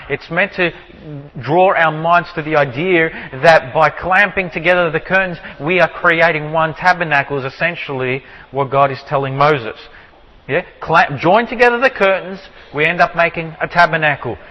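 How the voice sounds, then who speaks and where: A man teaching from the Bible, explaining with repeated rhetorical questions and slowing down to stress key words. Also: fairly high pitch, big-room sound, dull audio. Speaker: preacher.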